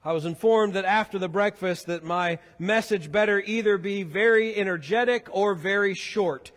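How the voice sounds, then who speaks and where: A man's voice: high-pitched, normal speed, fairly bright tone. A man preaching a sermon as pastor in a church sanctuary, talking in a conversational, joking way. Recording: echoey hall.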